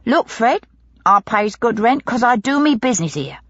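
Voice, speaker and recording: Casting: woman doing a loud, tart woman, husky, muffled audiobook sound. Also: fairly high pitch, expressive, moderate pace, dry recording, pitched above the performer's own voice. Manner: tart, indignant. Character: brash large blonde London landlady-lodger woman.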